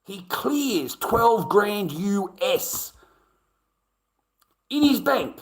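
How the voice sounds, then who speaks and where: Australian male streamer, slightly high voice, indignant, profane, casual rant. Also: very animated, very slow. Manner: profane, indignant, repeats himself.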